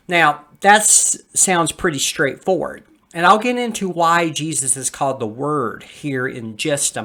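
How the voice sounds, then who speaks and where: A man's voice: on the high side, fairly bright tone. A man hosting a podcast, teaching a Bible passage step by step over a screen share in an explanatory, reassuring way.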